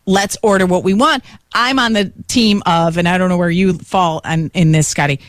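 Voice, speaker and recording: A woman's voice: on the low side, normal speed, no echo, studio quality. A woman telling a story in casual chat, acting out the voices of the people in it. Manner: animated storyteller, acts out voices.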